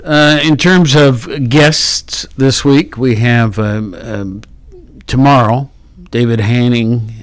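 A man with a mid-range voice hosts a morning radio talk show, speaking slowly and casually with plenty of fillers and self-corrections. He's recorded dry on a studio microphone in a radio studio.

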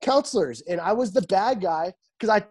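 A young man with a husky, slightly rough voice and a dark, mellow tone. He tells stories in casual chat, swearing freely and acting out every quoted line. The energy is lively and the delivery loose. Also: high voice, normal speed. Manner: animated, swears freely, acts out quoted dialogue.

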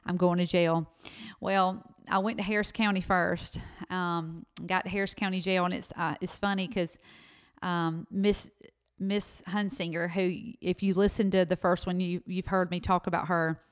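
A woman's voice: fairly low pitch, flat delivery, normal speed. A woman in her thirties with a Southern US accent, co-hosting a podcast and telling her faith testimony in a chatty way that addresses listeners as y'all. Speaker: podcast co-host. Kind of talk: personal faith testimony storytelling.

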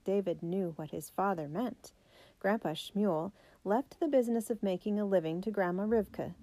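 A woman narrating a children's biography storybook, reading the characters' lines with raised pitch and emphasis. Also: normal speed, mellow, no echo. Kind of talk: storybook read-aloud.

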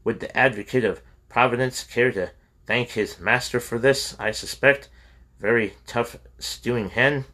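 A man's voice: medium pitch, a little slow, sharp tone. A man reading a story and voicing a burly older Scottish man who is a hearty, teasing host, with a Scottish brogue. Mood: wry. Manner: hearty and teasing, calls people laddie.

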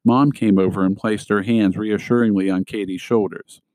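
A man's voice: fairly low pitch, fairly even intonation, moderate pace, darkish tone, no room sound, rough recording. A man reading a middle-grade novel aloud as scripted narration, giving small voice shifts to the characters' lines. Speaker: audiobook reader.

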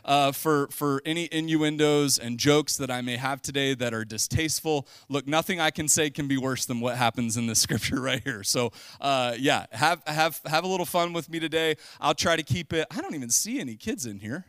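A man's voice: on the high side, moderate pace, few pauses, a bit bright, clean tone, no room sound. Joking, conversational male pastor preaching. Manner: conversational, joking, with bursts of emphasis. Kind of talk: casual sermon. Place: church sanctuary.

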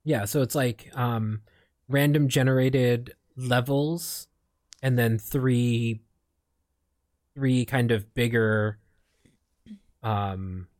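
A young Filipino man talks casually as a streamer and podcast co-host, his mid-range voice steady and a little mellow, with drawn-out words and long pauses. The chat rambles with many fillers and restarts, recorded dead dry with no echo.

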